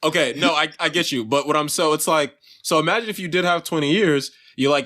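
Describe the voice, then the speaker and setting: A man's voice: fairly high pitch, brisk, hardly any pauses, a bit bright. A young man co-hosting a casual podcast chat, rambling and restarting his sentences, swearing freely. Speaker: podcast co-host.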